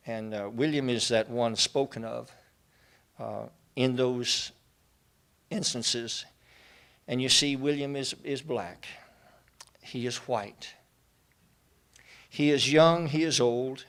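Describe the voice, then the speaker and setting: A man giving an inspirational faith talk, an earnest storyteller who builds to passionate lists. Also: mid-range voice. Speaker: speaker at a faith gathering.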